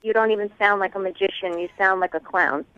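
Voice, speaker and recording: A woman's voice: mid-range voice, steady tone, fast. A woman speaking on the phone, exasperated and insistent. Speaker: caller pranked on the phone. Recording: tinny phone line.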